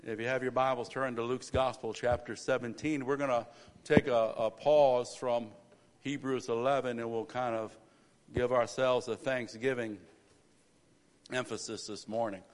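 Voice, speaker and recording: A man pastoring a church service, praying and preaching a sermon that builds to loud, emphatic stretches. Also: mid-range voice, steady tone, moderate pace. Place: church sanctuary. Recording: reverberant church hall.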